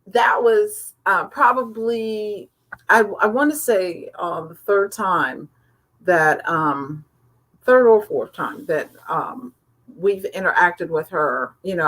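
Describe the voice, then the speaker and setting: Woman co-host, mid-pitched voice, slow deliberate talk, many pauses and fillers. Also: fairly bright tone. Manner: measured, hesitant with many fillers. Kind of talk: casual chat.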